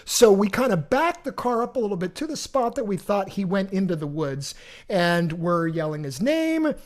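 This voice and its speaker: A middle-aged man hosting a podcast, telling a long personal story in an animated, rambling way with many restarts. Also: high voice, normal speed. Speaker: podcast host. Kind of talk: casual storytelling.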